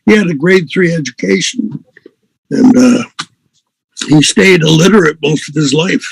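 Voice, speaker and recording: A man's voice: fairly high pitch, moderate pace, vocal fry, slightly rough, no room sound, rough recording. An older man, a musician and host, telling a story in a rambling, chuckling way with many fillers. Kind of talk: casual storytelling.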